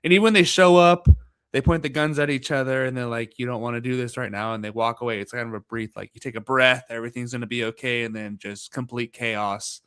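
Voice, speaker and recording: Man with a smooth, dry voice. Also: mid-range voice, fairly even intonation, fast, fairly bright tone, no echo. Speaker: podcast co-host. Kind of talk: casual review chat.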